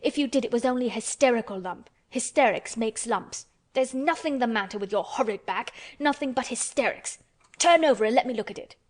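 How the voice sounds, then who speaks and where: A woman's voice: a little high, moderate pace, natural voice. Woman voicing a furious, bossy little girl. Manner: shouting, scolding, stamping.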